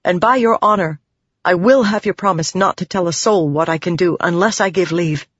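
A narrator voicing a quick, anxious but strong-willed young noblewoman in an audiobook. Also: on the low side, no echo, lo-fi sound, close to an everyday voice. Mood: firm. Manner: rapid, flustered, then firm. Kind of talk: audiobook character voice.

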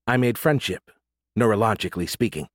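A man voicing a calm, measured female artificial intelligence in an audiobook. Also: fairly low pitch, dry recording, studio quality, close to an everyday voice. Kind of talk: audiobook character voice.

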